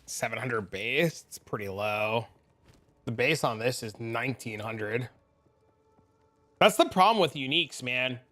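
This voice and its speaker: A man's voice: medium pitch, expressive, measured pace, pauses often, pushed and bright. A young man streaming a game live, chatting with viewers and ranting profanely about fellow players. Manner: profane, ranting, reacts to chat. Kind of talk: live stream chat while gaming.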